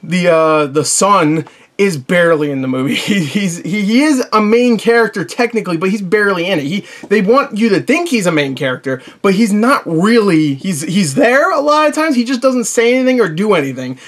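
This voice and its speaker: A man's voice: high voice, animated, fairly quick, a bit bright. A man talks through a movie review off the cuff, rambling and chatty, with lots of fillers and restarts. He is blunt and informal and swears now and then. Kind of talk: casual spoken movie review.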